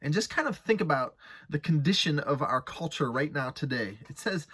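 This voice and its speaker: A man's voice: on the high side, expressive, moderate pace, fairly bright tone, slightly rough. A man preaching a sermon as pastor, conversational and earnest, reading scripture with rising intensity.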